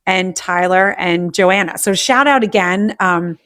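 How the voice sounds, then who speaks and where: A woman hosts a live audio talk show. Her voice sits fairly low, and she heaps enthusiastic praise on her guest. Her speech is loose and full of fillers. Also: unhurried, fairly bright tone. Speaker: host.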